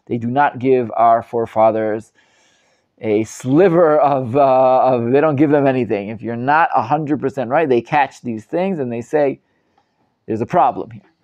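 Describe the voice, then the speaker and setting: A man teaching a live Torah class as a rabbi, animated and emphatic, often restarting and repeating words. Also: mid-range voice, moderate pace, highs cut off.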